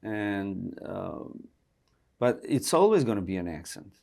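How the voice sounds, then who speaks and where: A man's voice: lowish voice, big pitch swings, unhurried, vocal fry, darkish tone. Albanian-accented man, chatty interview guest. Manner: chatty, laughs often, many restarts. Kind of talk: casual interview conversation.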